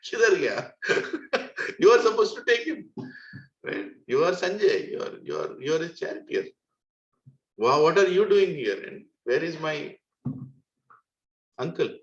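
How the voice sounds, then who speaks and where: A man with an Indian English accent voicing a gentle, loving king who laments and pleads in tears. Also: on the high side, very animated, unhurried, long pauses, reverberant, lo-fi sound, pitched above the performer's own voice, heavily acted. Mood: teasing.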